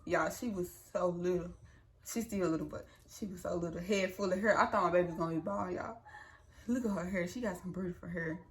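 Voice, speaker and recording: Chatty young woman, low voice. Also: brisk. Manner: chatty, addresses viewers as y'all, lively retelling. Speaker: new mother vlogger. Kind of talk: casual storytelling to viewers.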